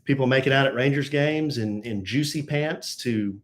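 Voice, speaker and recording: In an echoey room with a faint hum of noise, a middle-aged man co-hosts a podcast alongside his son. His mid-range voice runs at normal speed, and the conversation is casual, lively, and full of jokes.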